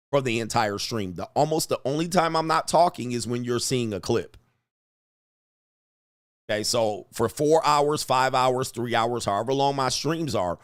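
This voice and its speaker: A man hosting a livestream, talking casually with sudden loud bursts and lots of swearing. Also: mid-range voice, no echo, clean studio sound. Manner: rapid shifts between flat talk and sudden loud bursts, profane. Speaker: live stream host.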